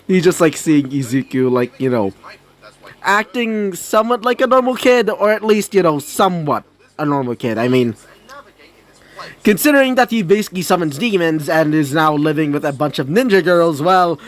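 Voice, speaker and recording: A man's voice: fairly high pitch, lively intonation, moderate pace. Rambling male fan-story narrator. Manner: rambling, many fillers, laughs at own story.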